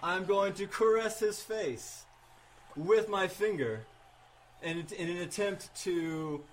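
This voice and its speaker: Playful, higher-voiced male player. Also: slow pace, a little hiss or hum. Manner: hesitant, playful. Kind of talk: tabletop game play.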